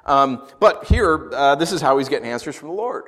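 A man's voice: mid-range voice, lively intonation, fairly quick, a bit bright, soft background music. A middle-aged man preaching a sermon, reading scripture and then explaining it in a loose, conversational way with asides and jokes. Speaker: pastor.

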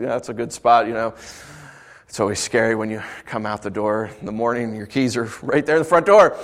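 A male pastor whose fairly high voice swings widely up and down. He reads a passage and then talks it through with the congregation in an easygoing, conversational way. He keeps tossing in rhetorical questions. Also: a bit bright. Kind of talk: sermon with scripture reading.

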